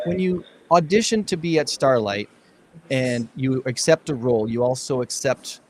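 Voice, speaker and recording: A man with a mid-pitched voice hosts a relaxed podcast interview. He rambles, trips over his words and repeats himself, with a light hiss of noise behind him. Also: normal speed. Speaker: podcast host.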